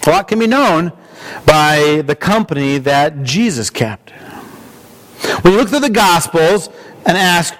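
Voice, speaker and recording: A male pastor preaching a sermon in an earnest, measured way, with small restarts. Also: a little high, expressive, a bit bright.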